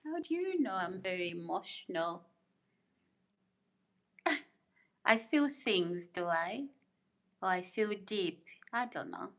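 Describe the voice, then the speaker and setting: A woman's voice: medium pitch, very animated, slow pace, gravelly, pauses often. A middle-aged woman hosting a live stream, chatting casually, laughing often and answering viewer comments as she reads them out. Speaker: livestream host reading viewer comments.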